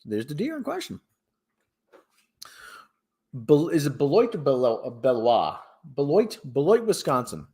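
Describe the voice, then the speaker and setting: A man's voice: fairly high pitch, wildly swooping pitch, a little slow, long pauses, darkish tone. A man hosting a casual livestream who chats loosely and reads news stories aloud, rambling and tripping over words as he goes. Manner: rambling, stumbles over words while reading. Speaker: livestream host.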